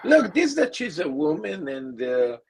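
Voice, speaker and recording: A man chatting casually on a livestream, speaking in a halting, hesitant way with many fillers. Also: on the high side, huge pitch swings, creaky, slight background noise.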